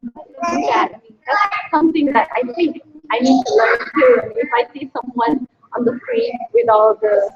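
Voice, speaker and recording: High-pitched woman host, lively, bit gravelly, muffled sound. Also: moderate pace, a crowd in the background. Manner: thoughtful, questioning. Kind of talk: interview questions.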